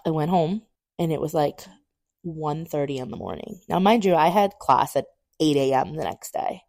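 Young woman on a podcast, low voice, dry close sound, candid storyteller who swears casually and acts out what people said. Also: normal speed, vocal fry, no echo. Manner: animated, acts out quoted dialogue with big pitch jumps. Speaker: podcast co-host. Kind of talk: personal storytelling.

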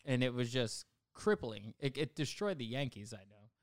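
Young man, podcast co-host, joking banter, swearing, smooth resonant voice, dry close mic. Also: medium pitch, big pitch swings, no room sound. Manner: joking, profane, quick banter. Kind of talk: casual chat.

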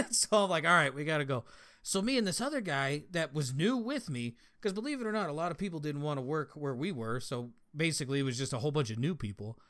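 Talking fast with hardly any pauses, a former prison guard from Colorado tells stories as a podcast guest. The young man has a slightly high voice with lively intonation, and he keeps things casual, profane and full of laughter.

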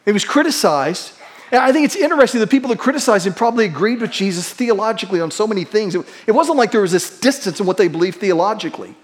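A man with a high-pitched voice preaches a sermon from the pulpit. He rushes through quick asides, then slows and drops to a hush for emphasis. He calls out lines for the congregation to repeat. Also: expressive. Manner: shifts between quick asides and slow, hushed emphasis; leads the congregation in call-and-response. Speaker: pastor.

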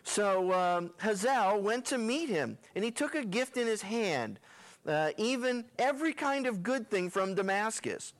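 With a high-pitched, animated voice that runs a little slow, a male pastor preaches on a Bible passage. He tells it like a folksy story, peppered with colloquial, slangy asides.

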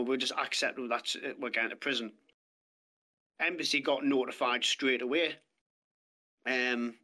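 A man's voice: mid-range voice, pushed and bright. A British man telling his story as a podcast guest, plain-spoken and blunt, with heavy swearing. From Britain. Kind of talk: casual storytelling chat. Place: podcast studio.

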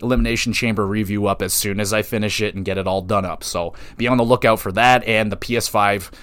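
A fairly low-voiced man talks straight into a close mic in a dry, dead room. He runs his solo podcast in a loose, profane style, getting excited and thinking out loud as he makes his picks. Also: fast, no room sound. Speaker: podcast host. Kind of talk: solo wrestling podcast predictions.

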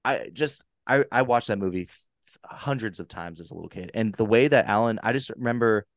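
A young man co-hosting a casual movie review podcast, animated and swearing freely as he acts out lines. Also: lowish voice, fairly quick, dry recording, studio quality. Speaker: podcast co-host. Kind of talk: casual chat.

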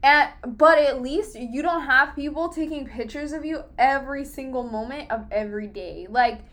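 Young female co-host with a bright high voice, loose and rambling. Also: moderate pace. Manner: rambling, filler-heavy, swears freely. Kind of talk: casual chat.

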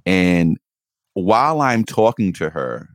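A man's voice: low voice, slow, dry recording, clean studio sound. A man, co-hosting a casual podcast chat and telling profane stories. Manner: profane, animated storytelling with put-on voices. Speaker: podcast co-host.

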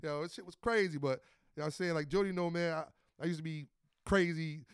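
Fast-talking, animated man telling street stories. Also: fairly high pitch, smooth, dry recording, studio quality. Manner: animated, profane street storyteller. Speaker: podcast host. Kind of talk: casual podcast chat.

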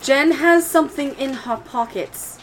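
A woman's voice: high-pitched, unhurried, pitched above the performer's own voice, low-quality recording. A woman voicing a formal, cautious droid servant who speaks stiffly and politely, calling people sir, over a faint hiss.

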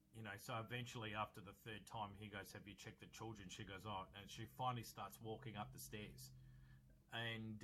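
A man's voice: on the low side, pushed and bright, a little hiss or hum, rough recording. A man in his forties casually retelling a horror film's plot in a review, rambling with many fillers and restarts. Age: 40s. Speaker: film reviewer. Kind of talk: casual spoken film review.

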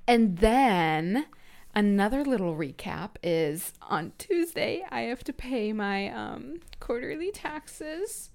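A woman's voice: a little high, animated, gravelly, darkish tone. A woman in her twenties co-hosting a podcast, chatting casually and laughing often. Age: 20s. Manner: giggly, chatty, quick to laugh. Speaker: podcast co-host. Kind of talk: casual chat.

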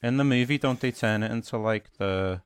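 A man co-hosting a casual podcast, blunt and sweary, retelling things quickly. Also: mid-range voice, clear, resonant tone, no echo, clean studio sound. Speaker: podcast co-host. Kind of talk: casual chat about video games.

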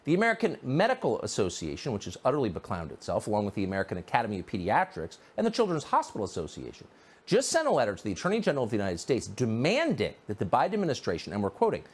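A sarcastic male commentator who talks with heavy emphasis. His pitch swoops widely from low to high. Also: wildly swooping pitch, very fast, breathy edge. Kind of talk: opinion commentary.

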